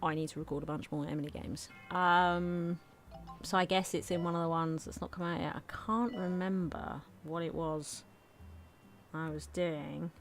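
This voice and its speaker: A young woman streaming a game, chatting casually at her microphone and laughing often, while she has hiccups. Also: fairly low pitch. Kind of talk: casual live-stream chat while gaming. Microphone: desk microphone.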